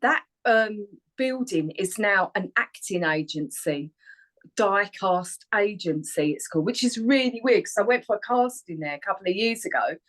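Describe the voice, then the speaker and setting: A woman's voice: medium pitch, lively intonation, moderate pace, a bit bright, low-quality recording. A woman, chatting as a guest on a radio show over a video call, rambling and laughing often. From Harlow, Essex, England. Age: 40s. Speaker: guest singer and actor. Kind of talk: casual chat on a radio interview. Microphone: remote video call.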